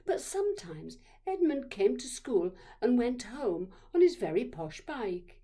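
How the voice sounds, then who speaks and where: A woman narrating a childhood memoir story, expressive and dropping to dramatic whispers. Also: a little high, unhurried.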